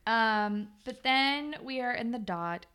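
A woman's voice: takes it slowly, smooth. A young woman co-hosting a casual recap chat, animatedly retelling scenes and imitating characters. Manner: animated retelling, mimics characters in higher voices. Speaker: podcast co-host.

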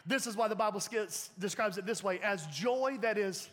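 Man preaching, really high voice, folksy and lively, laughing a lot, echo of a big church hall. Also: moderate pace. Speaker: pastor. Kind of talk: sermon. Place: church sanctuary. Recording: hall reverb.

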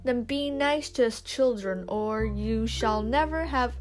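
A woman's voice: fairly high pitch, unhurried, close to an everyday voice. A woman doing a feisty young schoolgirl. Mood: spirited. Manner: cries out, spirited. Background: instrumental music.

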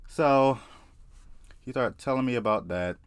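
A young man from South Carolina with a Southern accent, telling a story in a casual, profane, excitable and rambling way. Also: mid-range voice, measured pace, clean tone, no room sound. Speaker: vlogger.

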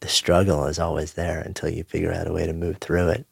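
A man hosting an interview, thoughtful, building his points slowly and reflectively. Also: deep voice, completely flat delivery, creaky, darkish tone, husky, no room sound, studio quality. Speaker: podcast host. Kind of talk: conversational interview.

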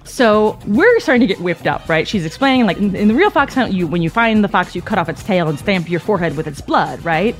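A woman's voice: medium pitch, a little fast, few pauses, faint music behind. A woman telling a comic personal story in a conversational way, often tagging lines with "right?" and laughing between them. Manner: animated, conversational, frequent "like" and "right?".

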